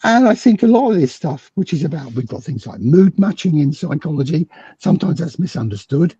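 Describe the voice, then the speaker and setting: Lively British man, husky and dark. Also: a little fast, no echo, highs cut off. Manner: acts out quoted dialogue with big swings in pitch. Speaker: guest psychologist. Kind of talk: animated storytelling in a conversation.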